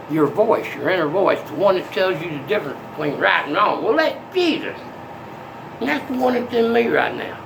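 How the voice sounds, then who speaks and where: An older man in a rambling monologue that swings from soft to menacing. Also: high-pitched, creaky, noisy background.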